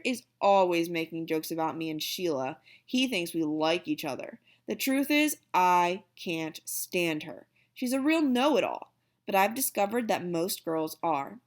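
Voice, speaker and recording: A woman reading a children's chapter book aloud at home, in a lively, expressive first-person storytelling manner. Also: mid-range voice, moderate pace. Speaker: audiobook reader. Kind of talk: storybook narration.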